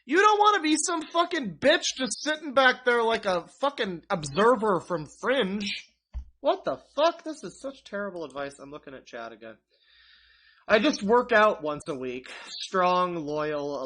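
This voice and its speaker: A man's voice: high voice, a bit bright. A young man streaming live, ranting sarcastically and swearing freely as he rambles through his commentary with restarts and asides. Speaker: streamer reacting to online content.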